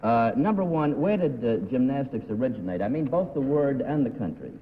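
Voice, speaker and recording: A man's voice: medium pitch, lively intonation, a little fast, a little hiss or hum. A man questioning contestants as a game show panelist, making dry jokes between hesitant "uh"s. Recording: tinny 1950s TV broadcast with hall reverb.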